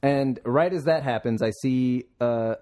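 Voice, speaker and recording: A man's voice: mid-range voice, a little slow, mellow. A young man hosting a podcast, telling a rambling story with frequent swearing and laughter. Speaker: podcast host. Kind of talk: casual podcast chat.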